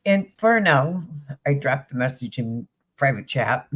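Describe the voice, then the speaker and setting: A livestream co-host in a casual panel chat, speaking hesitantly with pauses and fillers. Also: mid-range voice, animated, a bit bright.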